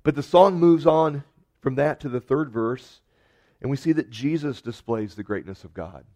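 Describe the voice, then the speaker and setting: A man preaching a sermon earnestly, rising to emphatic peaks and dropping to soft, quiet lines. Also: mid-range voice, moderate pace. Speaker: pastor.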